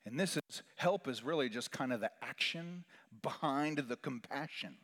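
Male chaplain, sermon delivery, very animated pitch, loud peaks and soft hushes, long hall echo. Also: moderate pace, few pauses. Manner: swings from loud emphatic rises to hushed near-whispers. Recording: long reverb of a large hall.

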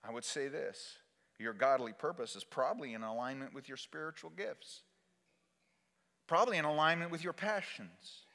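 A man preaching a sermon as pastor, swinging between loud exhortation and quiet, intimate asides. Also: medium pitch, normal speed, in a large hall.

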